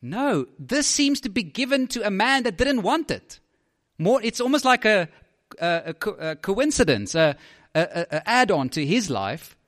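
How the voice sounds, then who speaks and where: A man preaching a sermon in a slightly high voice. He talks in an animated way, repeating words as he builds his points and often checking in with "right?". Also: normal speed.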